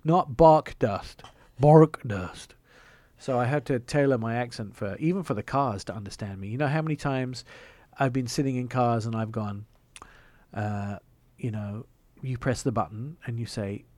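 A man's voice: mid-range voice, normal speed, a little mellow, dry recording. A man with an English accent hosting a car radio show, chatting and joking through stories. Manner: chatty, jokey storyteller. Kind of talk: casual chat.

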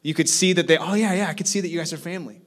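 A man in his thirties sharing a personal testimony as a guest speaker at church, storytelling warmly and growing animated. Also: on the high side, very fast. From South Korea. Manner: storytelling, animated when excited, soft in prayerful parts. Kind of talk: testimony sermon.

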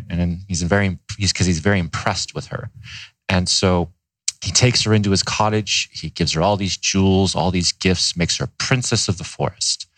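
A man's voice: sits low, fairly bright tone, no room sound. A man, a guest on an interview, retelling a fairy tale in a laid-back way with frequent fillers. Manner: laid-back, many fillers, laughs easily. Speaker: guest, company co-founder. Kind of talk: casual storytelling in an interview.

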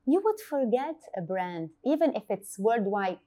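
A woman in a relaxed podcast conversation, her voice sitting in a middle register. She tells stories with plenty of animation, slipping into the voices of the people she quotes, and her talk is full of fillers and restarts. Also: mid-range voice, a little slow. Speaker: marketing agency founder, guest. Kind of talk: casual podcast interview.

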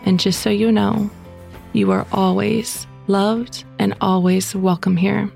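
A woman in her thirties hosting a faith podcast, leading prayer and telling chatty, animated family stories. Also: mid-range voice, slow pace, vocal fry, faint music behind. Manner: chatty, animated storytelling with voiced quotes. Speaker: podcast host.

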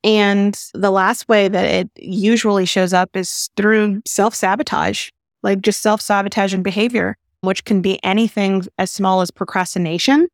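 A woman's voice: mid-range voice, no room sound, studio quality. Earnest woman therapist giving advice. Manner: calm, explanatory, earnest. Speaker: therapist podcast host. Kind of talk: advice talk.

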